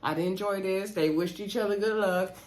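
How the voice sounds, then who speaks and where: A woman recapping a reality dating show in a chatty, animated way, retelling scenes and talking to her viewers. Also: medium pitch, fairly quick. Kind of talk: casual recap chat.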